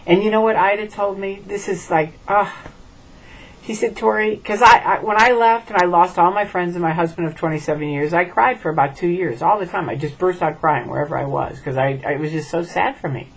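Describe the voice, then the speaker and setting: A woman's voice: lowish voice, a little fast, highs cut off. A middle-aged woman from the United States gives an emphatic direct-to-camera message and keeps checking in with "okay?". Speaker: former member speaking out.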